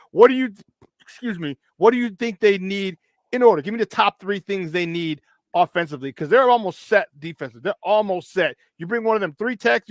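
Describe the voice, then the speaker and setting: A man co-hosting sports talk radio, telling animated stories and firing off questions. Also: sits high, dry recording. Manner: animated storyteller, asks rapid questions.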